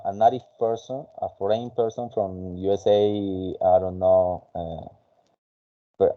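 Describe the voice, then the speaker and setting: A man whose first language is Spanish, teaching an English conversation class in a halting way with many fillers. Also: on the low side, dull audio.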